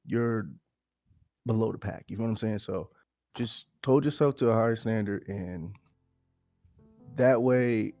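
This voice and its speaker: A man co-hosting a podcast in casual motivational chat, sick and pausing to catch his breath. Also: fairly low pitch, dark tone, no room sound, clean studio sound, faint music behind. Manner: pausing to catch breath, frequent "you feel me". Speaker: podcast co-host.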